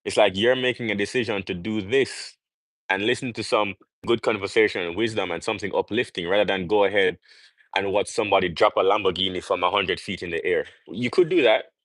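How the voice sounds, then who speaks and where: A man's voice: fairly low pitch, a little fast, a bit bright, no room sound, poor audio. A young man from Jamaica talking on a livestream, preaching in an emphatic way and firing off rhetorical questions. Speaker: livestream host. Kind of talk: casual livestream monologue.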